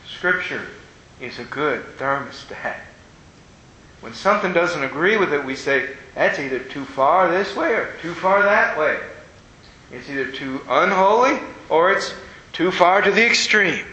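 A man preaching a conversational sermon, telling stories with animation and playful asides to his listeners. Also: pushed and bright. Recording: echoey room with faint rumble.

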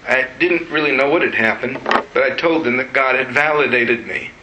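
In a sermon, a male pastor tells a personal story as testimony, retelling it with emotion. His mid-range voice moves at normal speed against a noisy background, with a roomy echo.

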